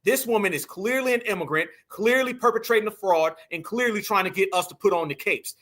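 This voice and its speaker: High-voiced Southern US man with sharp delivery. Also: fairly quick. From Southern United States. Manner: scornful, preachy, addresses viewers as family. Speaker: commentary channel host. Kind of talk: reaction commentary.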